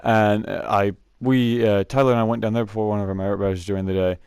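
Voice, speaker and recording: This young scout camp storyteller speaks fast in a lowish, darkish, smooth voice with little pitch movement. He rambles casually through camp tales for a storytelling vlog, laughing a lot, saying "uh" to fill gaps, and restarting often with many fillers. The studio sound is clean, with no echo.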